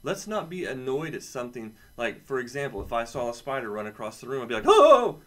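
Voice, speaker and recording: A man's voice: mid-range voice, fast. A man with a son, teaching a casual lesson to children with playful, jokey asides. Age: adult, has a son. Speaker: camp teacher for kids.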